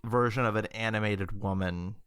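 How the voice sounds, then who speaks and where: A man's voice: on the low side, steady tone, moderate pace, a bit bright, smooth, dry recording. A man co-hosting a podcast in casual chat, blunt and swearing freely. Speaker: podcast co-host.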